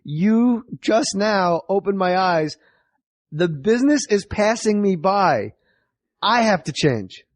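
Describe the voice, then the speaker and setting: Man, 40s, comedian, podcast guest, swears a lot, animated storyteller, fairly high voice, dry close sound. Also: slow pace, dry recording. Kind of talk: casual podcast chat.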